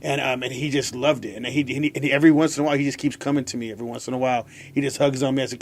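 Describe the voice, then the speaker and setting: A man's voice: mid-range voice, steady tone, fast. Man telling a story with restarts. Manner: storytelling with many restarts, quoting himself. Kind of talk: casual chat.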